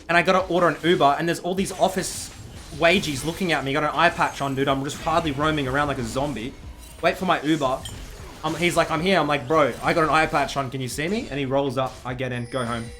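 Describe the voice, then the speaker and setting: A man's voice: fairly high pitch, a little fast, soft background music. A young man, telling a story to his stream in casual, swearing chat. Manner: swears a lot, animated retelling.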